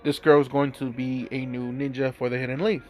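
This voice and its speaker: A man's voice: mid-range voice, little pitch movement, moderate pace. A man casually telling a fan-made story, rambling with lots of fillers and asides. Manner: rambling, filler-heavy, amused.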